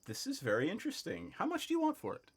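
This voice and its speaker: A man's voice: sits high, wildly swooping pitch, fast, vocal fry, breathy edge, pitched above the performer's own voice, exaggerated voice. A man voicing a polite, curious male dragonborn shopkeeper in a tabletop game.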